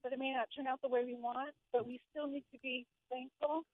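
A woman's voice: high voice, level tone, a little fast, dry recording. An older woman calling in to a radio show, out of breath and earnest, talking between breaths. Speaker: caller. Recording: tinny phone line.

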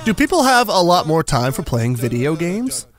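A man's voice: fairly high pitch, normal speed, loud music behind the voice. A man hosting a casual radio news and chat segment, joking and laughing often. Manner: jokey, laughs often, animated. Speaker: radio show host.

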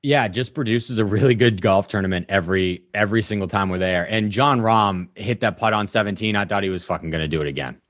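A man's voice: lowish voice, fast, hardly any pauses, fairly bright tone, dry recording, studio quality. A man co-hosting a podcast, talking golf in a blunt, casual way and swearing freely. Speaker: podcast co-host. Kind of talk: casual sports chat.

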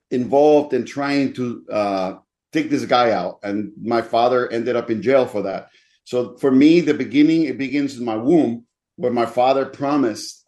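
A man's voice: medium pitch, darkish tone. Pastor in his sixties, earnest. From Dominican Republic. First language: Spanish. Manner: earnest storytelling with frequent fillers. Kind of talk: interview guest telling his life story.

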